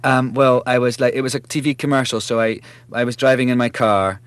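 A man in his thirties with a Scottish accent, an actor chatting as an interview guest, self-mocking and quick to laugh. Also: mid-range voice, fairly even intonation, fairly bright tone, dry recording. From Scotland. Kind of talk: relaxed interview chat.

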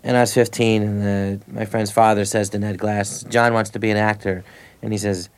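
A man's voice: on the low side, level tone, normal speed, smooth. A man in his thirties, a comedian guest, telling stories in a loose, rambling way with restarts and laughs between lines. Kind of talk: casual anecdotal interview.

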